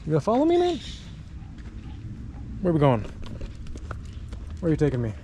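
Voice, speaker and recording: A man's voice: fairly high pitch, wildly swooping pitch, normal speed, mellow. A man talking casually to his camera as he walks outdoors, chatting and thinking aloud. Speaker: travel vlogger. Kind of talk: casual walking vlog narration. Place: outdoors on city streets and hill paths. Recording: street noise behind. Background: street and traffic noise.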